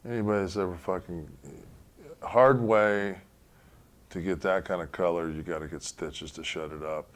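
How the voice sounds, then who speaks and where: A man with a very low voice tells stories bluntly, with heavy swearing. He speaks casually as an interview guest. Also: steady tone, normal speed.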